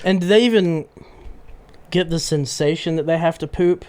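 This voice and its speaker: Dude with a high voice telling funny stories, keeps cracking up. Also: male voice, normal speed, darkish tone, clean tone. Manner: laughs mid-sentence while telling stories. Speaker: podcast guest. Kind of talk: casual storytelling.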